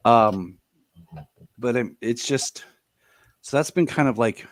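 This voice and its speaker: A man's voice: medium pitch, slow pace, no room sound, studio quality. A man chatting casually as a guest, rambling with lots of fillers. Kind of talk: casual chat.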